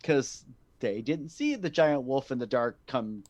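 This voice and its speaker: A man narrates a tabletop game as its game master. His voice sits at an ordinary middle pitch, and he rambles loosely, with plenty of fillers as he describes the action. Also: animated, unhurried, a little mellow, no echo, lo-fi sound. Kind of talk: narrating a tabletop game over a live stream.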